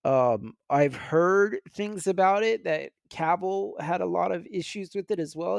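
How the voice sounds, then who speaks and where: A man co-hosting a casual podcast, talking in an animated way with frequent laughs and restarts. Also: a little high, gravelly, dry recording, studio quality. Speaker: podcast co-host. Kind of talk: casual chat.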